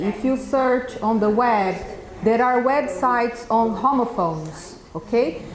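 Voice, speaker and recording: A Brazilian woman with a Brazilian Portuguese accent, a native Portuguese speaker, giving a live pronunciation workshop to teachers and checking in with "okay?" after each point. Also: a little high. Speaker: teacher trainer presenting a workshop. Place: event room with an audience. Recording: echoey room with faint background noise.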